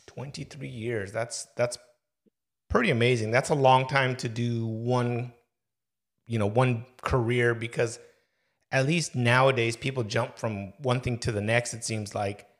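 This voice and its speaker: A man's voice: medium pitch, steady tone, a little slow. A man hosting a podcast, asking friendly, rambling questions in a casual interview. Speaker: podcast host.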